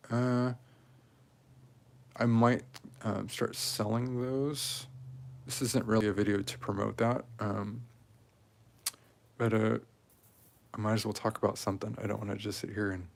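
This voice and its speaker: A man in his forties talking casually and rambling while he strings beads, with many pauses and fillers. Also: fairly low pitch, vocal fry. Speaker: craft video maker. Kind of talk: casual talk while crafting.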